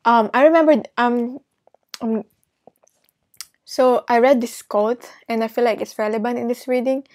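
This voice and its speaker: A woman gives a casual tarot reading in a slightly high, mellow voice. She takes her time, laughs often and checks in with the listener. The sound is dry and close. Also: steady tone, a little slow, long pauses, no room sound. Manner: emotional, laughs often, talks to viewer directly; reassuring, repeats "okay?". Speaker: tarot reader.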